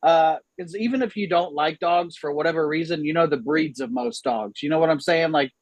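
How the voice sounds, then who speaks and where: A man's voice: fairly high pitch, brisk, no room sound, rough recording. A man in his thirties doing a chatty, self-deprecating stand-up set from home on a video call, often laughing at his own jokes. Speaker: stand-up comedian. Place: home room, a former salon.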